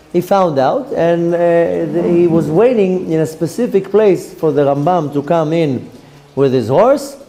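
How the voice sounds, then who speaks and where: A rabbi tells a Torah story. His voice sits a bit high for a man, with a dark, mellow tone. He acts out what each figure says. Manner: storytelling, acting out characters' lines. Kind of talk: Torah lesson told as a story.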